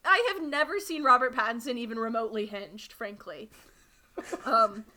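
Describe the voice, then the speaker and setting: Bright-voiced woman with dry mock praise. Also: fairly high pitch, moderate pace, a little hiss or hum. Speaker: podcast co-host. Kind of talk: casual chat.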